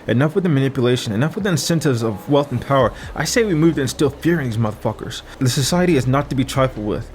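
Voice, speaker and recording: A man's voice: medium pitch, lively intonation, quick pace, hardly any pauses, slight background noise, close to an everyday voice. A man voicing a fierce, hot-tempered woman enforcer who speaks with an intense growl in an audiobook. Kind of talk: audiobook character voice.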